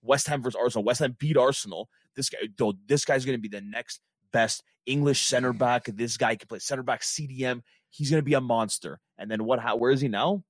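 Fast-talking man, dry close sound. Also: medium pitch, dry recording. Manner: rapid, profane and emphatic. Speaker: podcast co-host. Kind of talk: casual football chat.

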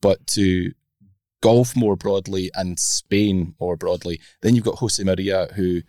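A man's voice: low-pitched, fairly even intonation, slow pace, dark tone, no room sound, studio quality. A Scottish man hosting a sports podcast, talking casually with a self-deprecating, laughing manner. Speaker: podcast host.

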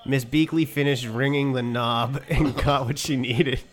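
A man's voice: mid-range voice, steady tone, a little slow. Man reading aloud, laughing often. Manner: reads with frequent laughter. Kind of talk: casual comedic reading aloud.

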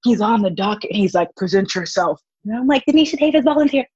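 A woman's voice: mid-range voice, a little fast, slightly rough, dry recording, dull audio. A young woman, telling stories in a casual interview and acting out what people said. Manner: animated, acts out quotes with laughs. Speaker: guest, volunteer child advocate.

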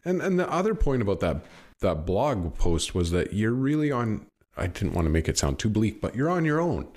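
A middle-aged man, a podcast guest, talking casually, swearing freely and telling stories with lively swings in his voice. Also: normal speed. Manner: swears freely, animated storytelling with big pitch swings. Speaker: podcast guest, business owner. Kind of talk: casual chat.

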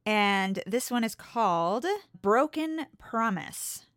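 A chatty woman co-hosting a podcast, giggling between thoughts and second-guessing how to pronounce place names. Her voice sits at an ordinary middle pitch and is recorded close and dry, with no room sound. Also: animated, takes it slowly, a bit bright, clear, resonant tone, no echo. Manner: chatty, giggles often, unsure about pronunciations. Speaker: podcast co-host. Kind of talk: casual chat.

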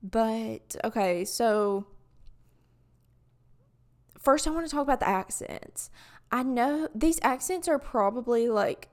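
A woman's voice: fairly high pitch, lively intonation, takes it slowly, long pauses, a little mellow. A young woman from Alabama with a Southern US accent, talking casually to camera in a rambling way full of fillers. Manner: rambling, many "like" fillers and restarts. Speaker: vlogger.

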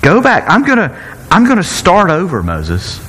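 A male pastor delivering a sermon with a lively, swooping voice that runs slightly high for a man. He talks in an animated, playful way and often stops and restarts his sentences. His voice rings out with a long hall reverb. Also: moderate pace, slightly rough. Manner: animated, self-interrupting, playful asides.

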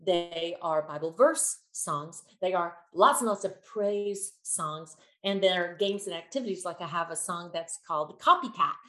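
A woman's voice: lowish voice, moderate pace, hardly any pauses. A woman who leads children's ministry music, telling stories as an interview guest and acting out the lines she quotes. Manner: animated, acts out quotes with shifting voices. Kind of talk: conversational interview storytelling. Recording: echoey room.

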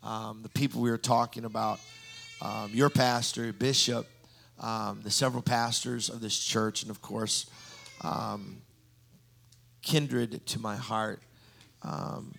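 Male preacher, low gravelly tone, rambling storyteller style sermon. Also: level tone, slow pace, pauses often, a bit bright. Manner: storytelling with frequent ums and restarts. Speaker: guest preacher.

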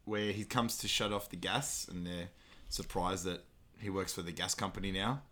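A man's voice: low voice, fairly even intonation, moderate pace. Laughing man retelling film scenes. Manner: laughs often, acts out quoted lines loudly. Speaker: podcast co-host. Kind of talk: casual chat rewatching a film.

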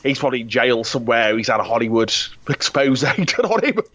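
A man's voice: medium pitch, big pitch swings, quick pace, fairly bright tone, dull audio. A man co-hosting a casual film chat, wry and dry-humoured, tripping over his starts. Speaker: podcast co-host. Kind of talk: casual chat about films.

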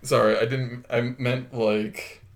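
Guy with a gravelly creaky voice on a podcast, dry jokey comments about a movie. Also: medium pitch, flat delivery, takes it slowly. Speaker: podcast co-host. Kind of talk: casual film review chat.

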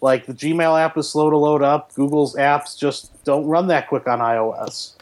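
Animated, wry man chatting about tech. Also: a little high, normal speed. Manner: animated, wry and self-mocking. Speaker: podcast co-host, professor. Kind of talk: casual tech chat.

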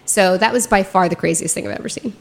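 A woman, a makeup artist and podcast guest, telling a story in a lively, casual way. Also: medium pitch, quick pace, gravelly. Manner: animated, acts out quoted dialogue.

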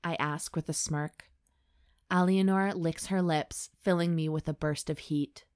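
Low-voiced woman reading aloud deadpan. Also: unhurried, dry recording, clean studio sound. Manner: deadpan reading broken by laughing asides. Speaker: podcast host reading erotica aloud. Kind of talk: dramatic reading with comic banter.

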